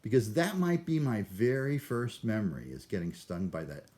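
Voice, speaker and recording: A man with a lowish voice rambling through a vlog monologue, full of restarts. He talks in a self-deprecating, neurotic way, wandering from topic to topic. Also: expressive, moderate pace, a little mellow. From Cleveland, USA. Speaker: vlogger.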